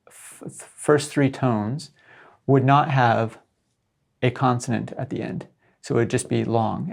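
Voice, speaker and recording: Gravelly-voiced man giving a lecture. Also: medium pitch, a little mellow. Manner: explanatory, checks in with "right?". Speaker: professor.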